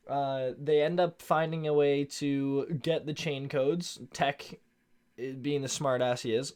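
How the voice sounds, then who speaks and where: A man's voice: mid-range voice, steady tone, slow, darkish tone, clear, resonant tone. A tired man yawning late at night and recapping a show in a rambling, slangy casual chat that drifts off topic. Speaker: show reviewer.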